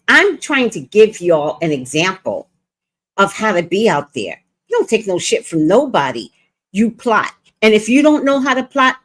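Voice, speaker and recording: A woman hosting a livestream, talking in a brash, profane, storytelling way. Her pitch jumps and swoops all over as she chats with her viewers. Her voice sits in a middle register. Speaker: livestream host and reader. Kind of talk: casual livestream chat. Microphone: streaming setup.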